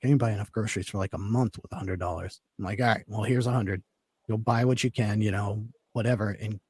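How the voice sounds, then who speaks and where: A man's voice: on the low side, darkish tone, husky, dry recording. A man telling a long personal story in casual talk, rambling with lots of fillers. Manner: rambling, filler-heavy, laid-back. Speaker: podcast guest telling a story.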